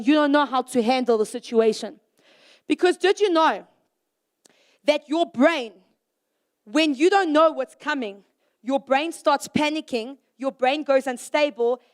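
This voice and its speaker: A young woman giving a sermon to young people in a lively, conversational way, firing rhetorical questions at the audience and acting out little scenes. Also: high-pitched. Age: young adult. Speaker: youth speaker. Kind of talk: youth sermon.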